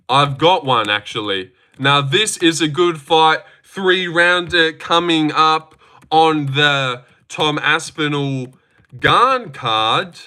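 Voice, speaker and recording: Give me a bright, chatty man reading chat on his livestream. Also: a little high. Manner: joking, chatty, reacts to chat messages aloud.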